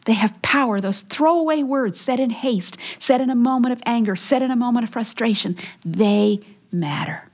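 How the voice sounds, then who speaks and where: A woman delivering a Bible teaching, emphatic and earnest, sometimes dropping to a hushed whisper for weight. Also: fairly high pitch, moderate pace.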